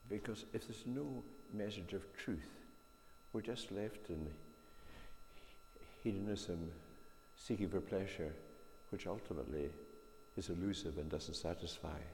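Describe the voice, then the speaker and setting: Male preacher, low and gravelly, measured and earnest; reverberant church with faint hum. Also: a little mellow. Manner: earnest, measured, rhetorical questions. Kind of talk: sermon.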